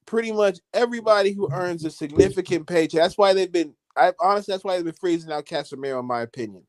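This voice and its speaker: A man on a football podcast who gives his opinion in a measured, reflective way. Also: high voice, no room sound. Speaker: podcast co-host. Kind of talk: casual football chat.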